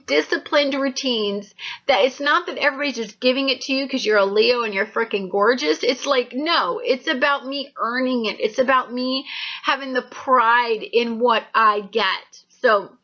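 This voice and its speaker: A woman's voice: sits high, pushed and bright, dull audio. A woman astrologer giving a monthly horoscope reading in an earnest, rambling, intuitive way.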